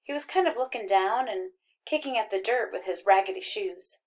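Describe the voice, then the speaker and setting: A woman reading a first-person novel aloud as an audiobook narrator, with expressive, wry storytelling. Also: mid-range voice, normal speed.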